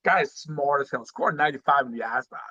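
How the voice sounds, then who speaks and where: A middle-aged man from Guatemala, a retired Marine telling his story as a guest in a casual podcast interview, animated and full of "you know"s. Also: medium pitch, quick pace, dull audio.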